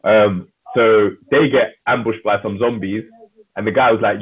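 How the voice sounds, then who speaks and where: A husky-voiced man tells a TV plot scene by scene, full of slang. The sound comes through thin and tinny, like a phone line. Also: on the low side, normal speed. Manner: animated storyteller acting out scenes in slang. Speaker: podcast co-host. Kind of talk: casual chat, retelling a TV episode.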